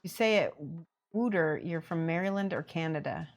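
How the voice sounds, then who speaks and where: A Midwestern American woman with a fairly low voice speaks at normal speed as she paints miniatures live, chatting casually, laughing often, reading the chat and having fun with pronunciations.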